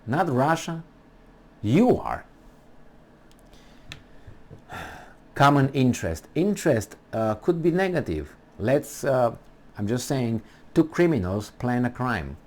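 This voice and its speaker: A man's voice: medium pitch, big pitch swings, takes it slowly, pauses often, a little mellow. A man giving an emphatic political monologue, full of rhetorical questions and restarts. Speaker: political commentator.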